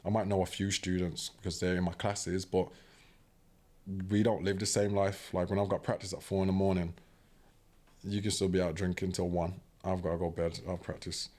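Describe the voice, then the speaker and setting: Young british guy with a deep low voice, chatty, acts out bits of his stories. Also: normal speed. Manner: animated, acts out quoted voices; fills talk with "do you know what I mean". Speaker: podcast guest. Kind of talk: casual storytelling.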